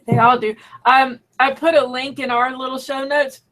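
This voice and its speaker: A woman co-hosting a podcast who gives relaxed, wry opinions about a TV drama. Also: high voice, normal speed. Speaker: podcast co-host. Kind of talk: casual chat reviewing a TV show.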